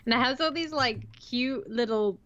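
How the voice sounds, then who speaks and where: A woman's voice: on the high side, normal speed, fairly bright tone. A young woman co-hosting a casual livestream who rambles with many fillers and giggles often, heard through slightly muffled call audio. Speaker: co-host.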